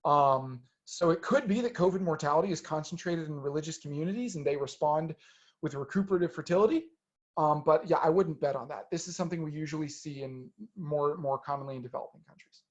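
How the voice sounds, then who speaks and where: A man's voice: on the high side, fast. Hesitant man answering questions, lo-fi. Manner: hesitant, many ums and restarts. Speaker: researcher answering audience questions. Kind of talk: webinar Q&A.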